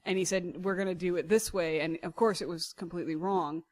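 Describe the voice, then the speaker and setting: A man co-hosting a relaxed podcast, telling things in a rambling way and pausing to search for words. His voice is notably high for a man. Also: dry recording. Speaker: podcast co-host. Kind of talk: casual chat.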